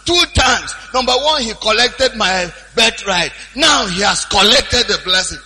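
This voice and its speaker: A man voicing a tearful, pleading young man who begs his father, in a husky, softer, lower voice. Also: expressive, measured pace, big-room sound, heavily acted. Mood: bitter.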